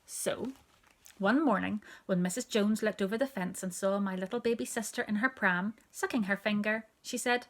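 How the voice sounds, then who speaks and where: Woman, storyteller, children's story read aloud, expressive, hushed whispered asides. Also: mid-range voice, normal speed.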